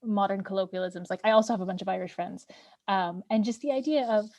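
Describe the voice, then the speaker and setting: A woman's voice: medium pitch, fast, a little mellow. A woman hosting a casual interview, enthusiastic and rambling with many fillers. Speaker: interview host. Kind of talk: casual video-call interview.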